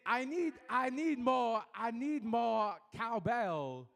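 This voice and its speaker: A halting, drawn-out celebrity impression, as a stand-up comic puts it on. The voice sits much higher than his own and stretches every phrase slowly, with strange pauses. It swings widely up and down in pitch. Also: lively intonation, gravelly, fairly bright tone, heavily acted. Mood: mock-dramatic.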